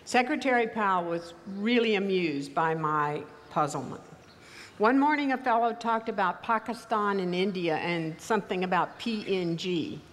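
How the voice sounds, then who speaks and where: An older woman with a mild Texas accent, giving a commencement speech in a measured, wry storytelling manner. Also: medium pitch, animated, a little hiss or hum. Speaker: commencement speaker. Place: large ceremony venue. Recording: reverberant hall, faint ambience.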